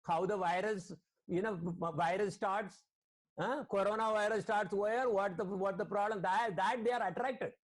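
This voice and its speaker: A man's voice: high voice, fairly even intonation, normal speed. A man, a spiritual teacher, giving an online sermon over a video call, quoting Sanskrit verses and questioning his listeners.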